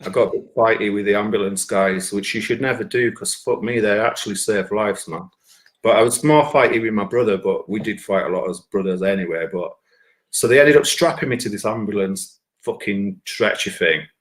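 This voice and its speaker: A man's voice: on the low side, fairly quick. A man with a Bradford accent telling a rambling, profane comic story from his own life. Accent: Northern English (Bradford). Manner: profane, rambling, excitable anecdote. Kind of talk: stand-up storytelling.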